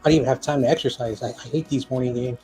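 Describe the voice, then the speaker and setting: A man's voice: medium pitch, steady tone, racing, warm tone, slightly rough, faint music behind. A man co-hosting a live football stream in casual chat, rambling, joking and often losing his train of thought.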